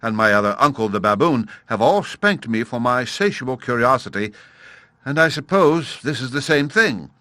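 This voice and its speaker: A man voicing a curious, very polite young elephant calf, talking high and earnest. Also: lively intonation, moderate pace, sharp tone, dry recording. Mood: politely curious.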